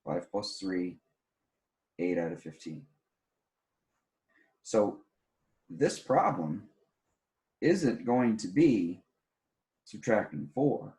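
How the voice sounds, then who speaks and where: Tired low-voiced man teaching math. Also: big pitch swings, extremely slow, pauses often, dark tone. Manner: plainspoken, repeats key rules with emphasis. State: tired, yawning. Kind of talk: recorded classroom math lesson.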